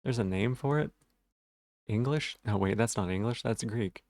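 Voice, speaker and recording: A man's voice: on the low side, moderate pace, a little mellow, no room sound. A man streaming a game live, chatting casually with his viewers in a rambling, self-deprecating way, and stuttering on some words.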